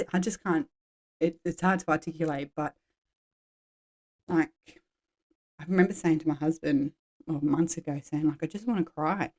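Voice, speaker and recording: A woman's voice: low-pitched, mellow. A woman in her forties hosting a podcast, talking frankly and in a rambling, casual way about her own life. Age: 40s. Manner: frank, rambling, drops swear words. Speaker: podcast host. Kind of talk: candid personal chat.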